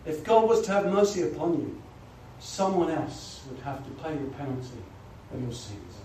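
Man preaching gospel, high pleading voice, big echo, mic far off. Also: sing-song, normal speed, warm tone. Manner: earnest, pleading, repeats "you know" often. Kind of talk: gospel sermon. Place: church or gospel hall. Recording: echoey hall, voice from far off, faint noise.

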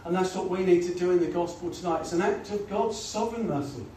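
Earnest high-voiced preacher in an echoey hall. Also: male voice, quick pace, dark tone. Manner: earnest, pleading, repeats "you know" often. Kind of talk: gospel sermon. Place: church or gospel hall. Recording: echoey hall, voice from far off, faint noise.

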